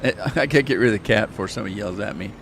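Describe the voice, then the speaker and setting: A man's voice: on the low side, racing, gravelly, noisy background. A man casually commenting on his farming game livestream, chatting with his viewers, joking at himself and humming as he plays. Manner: chatty, self-mocking, talks to chat, hums while playing. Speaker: livestream gamer.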